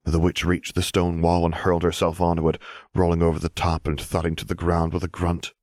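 A man reads fiction in a steady, even storytelling voice. His pitch sits very low. The recording is dry, close and without room sound. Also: brisk, no room sound. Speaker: audiobook narrator. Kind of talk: scripted fiction narration.

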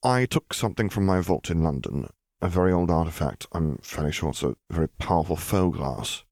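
A man's voice: low voice, expressive, brisk, vocal fry, a little mellow, dry recording, studio quality. A man voicing a young wizard husband who jokes with wry understatement and apologizes sheepishly, read as an audiobook character.

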